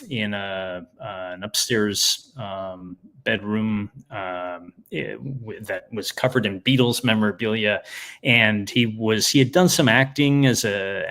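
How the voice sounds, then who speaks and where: Role: live stream host. A man in the middle of the pitch range, talking in a halting, casual way filled with ums and uhs. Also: a bit bright.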